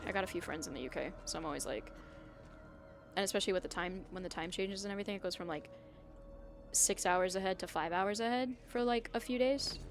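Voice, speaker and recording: A woman's voice: medium pitch, fairly quick, faint music behind. A young woman streaming a video game, chatting with her viewers in a rambling, casual way and often losing her train of thought. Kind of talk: casual live-stream chat while gaming.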